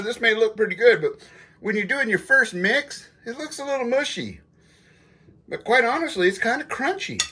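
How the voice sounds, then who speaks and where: A man's voice: sits high, pushed and bright, slightly rough. A middle-aged man hosting a casual food review vlog, chatting folksily to his viewers while he tastes food. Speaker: prepper channel host.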